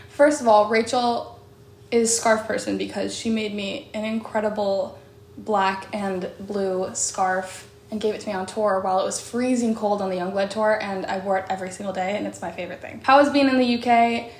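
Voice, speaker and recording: A young woman singer chatting casually as she answers fan questions, bubbly and full of "like"s and quick laughs. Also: mid-range voice, fairly even intonation, creaky. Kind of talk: casual chat. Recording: echoey room with faint background noise.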